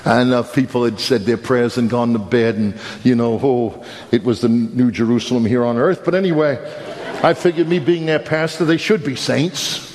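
A middle-aged male pastor preaching a sermon, telling a funny story in an animated, self-mocking way with sudden emphatic rises. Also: medium pitch, moderate pace. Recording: long hall reverb, faint background noise.

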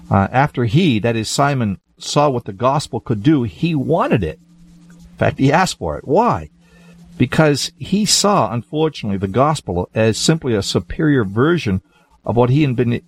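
A man who is a pastor, talking in a measured, emphatic way in a religious discussion. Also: medium pitch, husky.

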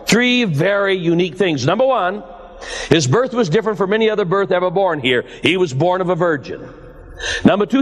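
An older pastor delivers a sermon in a church, his voice fairly high, using a preacher's cadence that stretches words slowly for weight and rises on exclamations. A long reverb from the surrounding hall colors the sound.

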